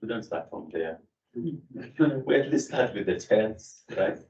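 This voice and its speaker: Low-voiced man lecturing in an echoey room. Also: animated, slow, darkish tone. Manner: explanatory, with fillers and self-corrections. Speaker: Greek lecturer. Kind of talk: classroom lecture. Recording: echoey room, distant mic, dull sound.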